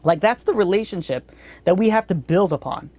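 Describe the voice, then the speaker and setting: A woman's voice: on the low side, lively intonation, a little fast, a little mellow. A woman giving a religious lesson in a blunt, conversational way, with frequent restarts. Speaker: Torah teacher.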